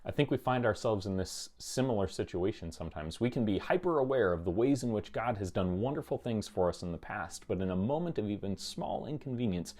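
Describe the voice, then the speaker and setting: Guy doing a short devotional into his office mic, calm and reflective, lowish voice. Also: brisk, hardly any pauses. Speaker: minister giving a short devotional. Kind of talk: short recorded devotional talk. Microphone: studio microphone.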